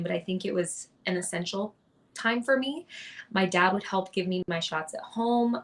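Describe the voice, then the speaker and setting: A woman's voice: mid-range voice, fairly bright tone. A young woman, a podcast guest, telling her story in an earnest, chatty way with lots of restarts. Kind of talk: casual interview storytelling.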